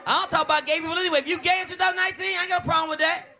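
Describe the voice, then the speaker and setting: A man performing a stand-up comedy routine, telling animated, crude stories. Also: very high voice, very fast, slight background noise. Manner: animated, crude, punchy storytelling. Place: comedy stage before an audience. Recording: live audience laughing.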